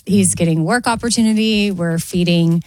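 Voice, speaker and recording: A woman's voice: lowish voice, normal speed, a little mellow, low-quality recording. A woman co-hosting a casual chat show, easygoing and laughing often. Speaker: co-host.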